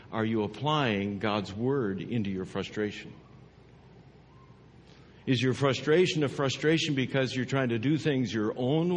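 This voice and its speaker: A man pastor giving a sermon, his dynamic preaching swinging from hushed, drawn-out lines to emphatic, rising ones. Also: medium pitch, in a large hall, a little hiss or hum.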